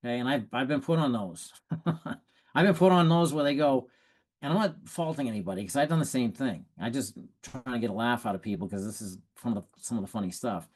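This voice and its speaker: Animated man coaching on sales. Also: mid-range voice, a little fast. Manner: animated, acts out prospects and quotes; laughs at own stories. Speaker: sales trainer. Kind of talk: coaching talk.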